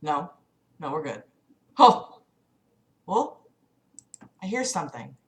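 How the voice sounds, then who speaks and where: A woman's voice: low voice, sing-song, slow pace. A woman hosting a casual livestream, chatting with viewers in an exasperated, apologetic way and swearing often. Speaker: livestream host. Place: home room.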